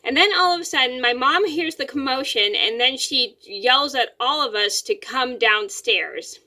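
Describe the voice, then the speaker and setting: A young woman with a bright, sharp voice pitched a little high tells a story to camera from her bedroom. She rambles, repeats words and restarts phrases, with plenty of fillers as she goes. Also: moderate pace. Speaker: vlogger.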